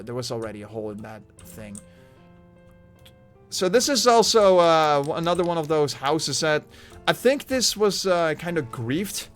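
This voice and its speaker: Rambling male streamer, slightly high voice. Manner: rambling, many fillers and restarts. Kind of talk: casual Minecraft livestream commentary. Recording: faint music behind.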